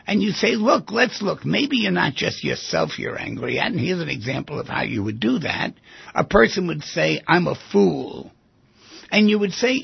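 A man's voice: a little high, gravelly, husky, dry recording. An older man hosting a reflective talk radio monologue, acting out dialogues with patients. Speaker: radio show host. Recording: dull lo-fi broadcast recording.

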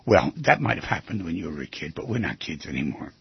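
A man giving an animated talk, acting out quoted lines with large swings in pitch, with a husky voice. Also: fast talker, no room sound. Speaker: speaker on relationships. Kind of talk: lively talk. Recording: dry, dull lo-fi sound.

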